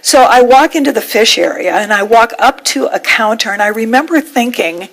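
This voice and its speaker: A woman minister with a fairly high voice delivers a sermon. She tells a heartfelt personal story. She paces it with measured pauses. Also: lively intonation, rough recording.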